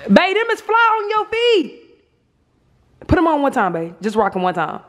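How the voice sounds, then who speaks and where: Young woman vlog host with a very high voice, playful and teasing, coaxing and chatty as she runs a prank. She keeps needling her partner in a light, mocking tone. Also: wildly swooping pitch, normal speed.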